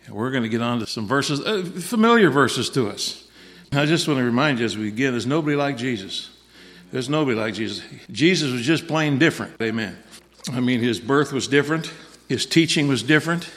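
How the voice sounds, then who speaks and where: A man's voice: mid-range voice, expressive, a little fast, fairly bright tone, long reverb tail. A man preaching a sermon in a folksy, repetitive way, dropping in frequent amens.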